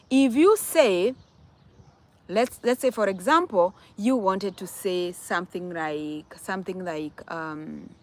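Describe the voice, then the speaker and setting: A young woman with a Kenyan accent giving casual advice to viewers, emphatic, asking rhetorical questions and repeating words. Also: medium pitch. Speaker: vlogger answering viewer questions.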